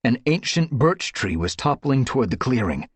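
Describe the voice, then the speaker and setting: A man reading a dramatic audiobook story with expressive, dramatic storytelling. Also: medium pitch, normal speed, breathy edge, dry recording. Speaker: audiobook narrator. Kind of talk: audiobook narration.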